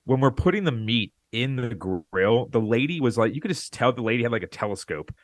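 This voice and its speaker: A man co-hosting a podcast, telling a rambling, animated story in casual chat. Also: mid-range voice, brisk, no echo. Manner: rambling, animated, acts out quoted lines. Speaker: podcast co-host.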